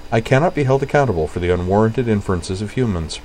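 A man doing a calm, precise female robot. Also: on the low side, quick pace, slight background noise, lightly acted, poor audio.

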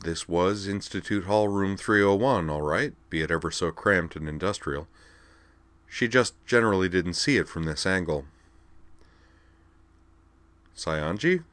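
A man narrating fiction aloud in a calm, measured storytelling manner. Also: deep voice, no echo. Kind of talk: audiobook-style fiction reading.

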